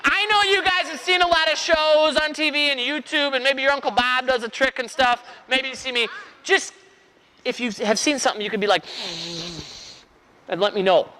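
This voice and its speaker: A man's voice: very high voice, fairly even intonation, moderate pace, sharp tone, slight background noise. A man performing as a children's magician, playfully joking with and rousing a live audience of kids. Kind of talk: live kids' magic show patter.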